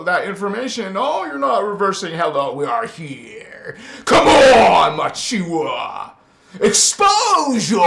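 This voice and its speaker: A male spiritual host with a high voice delivers a confrontational monologue in an echoey, reverberant room. He is slow, hesitant and scolding, full of fillers and restarts, and preachily breaks into sudden loud chanted words.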